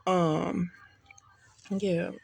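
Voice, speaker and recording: A woman's voice: fairly low pitch, little pitch movement, very slow, gravelly, a little mellow, breathy edge. A tipsy woman giving a casual spiritual reading, blunt and profane, full of streetwise slang. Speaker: tarot reader.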